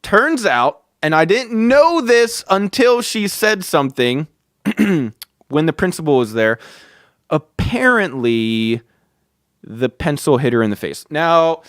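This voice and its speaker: A man's voice: a little high, animated, slow pace, a bit bright, dry recording, studio quality. A man hosting a podcast who tells a story in a casual way, with many fillers and free swearing. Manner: chuckling, swears freely, filler-heavy. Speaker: podcast host.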